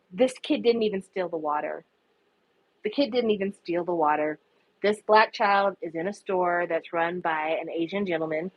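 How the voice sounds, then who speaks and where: A woman's voice: lowish voice, dry recording, dull audio. A woman giving impassioned, profane casual commentary, her voice rising in anguished outbursts. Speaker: K-pop commentary vlogger.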